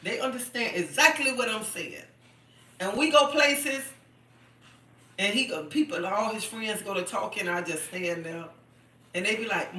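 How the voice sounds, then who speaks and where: Woman, middle-aged, chatty live-streamer, bright and emphatic, repeats points, distant echoey phone sound. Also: mid-range voice, animated, normal speed, slight background noise. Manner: chatty and emphatic, repeats herself, keeps asking "okay?". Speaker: livestream host. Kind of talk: casual live-stream chat.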